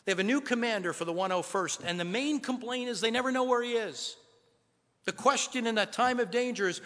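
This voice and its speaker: Bright-voiced man preaching in a reverberant hall. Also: very high voice, lively intonation, a little fast. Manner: earnest, conversational preaching with rhetorical questions. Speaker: pastor. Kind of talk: sermon.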